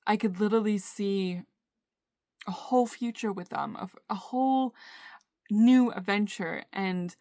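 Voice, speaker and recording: A young woman recording a candid personal video diary on her phone, talking haltingly with many fillers and restarts. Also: mid-range voice, a little mellow, no room sound, studio quality. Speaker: vlogger. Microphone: phone camera.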